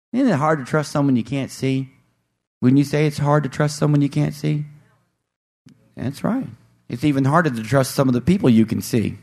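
A male pastor preaching a sermon in a church, asking the congregation rhetorical questions and slowing down to stress scripture. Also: mid-range voice, darkish tone. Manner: slows down to stress scripture readings.

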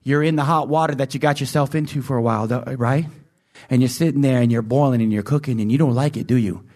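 A man preaching a sermon, emphatic and full of questions to his congregation, swinging between loud high emphasis and low intense asides. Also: fast. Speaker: pastor.

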